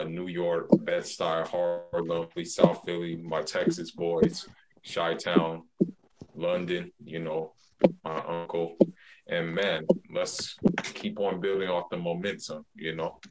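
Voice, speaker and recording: A man, relaxed and loose, giving thanks and shout-outs as a guest on an online boxing panel. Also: deep voice, rough recording. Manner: relaxed, loose, many fillers. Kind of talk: casual sign-off with shout-outs.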